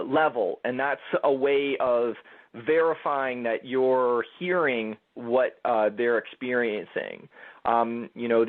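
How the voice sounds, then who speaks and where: Man as a thoughtful radio panel guest, phone-line audio. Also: medium pitch. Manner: thoughtful, hesitant, many fillers. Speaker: conflict coach guest. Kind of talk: casual panel talk.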